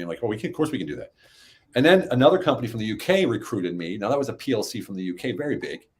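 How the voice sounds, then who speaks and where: A middle-aged man telling stories as a podcast guest, animated and climbing high in pitch when he acts out what people said. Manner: animated, rises high when acting out quotes. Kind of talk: casual storytelling.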